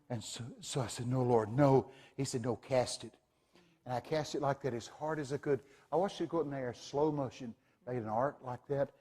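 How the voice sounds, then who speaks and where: A man preaching a sermon, retelling a vision in a dramatic, animated way with sudden loud exclamations. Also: a little high, breathy edge. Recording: long hall reverb.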